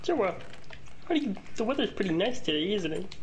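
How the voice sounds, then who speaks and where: A high, nasal frog puppet voice, put on by a man. He rambles in a goofy, crude way, like a cartoon frog making small talk. There is a faint hiss under the voice chat. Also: very animated, brisk. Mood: rambling. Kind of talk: gaming voice chat impression.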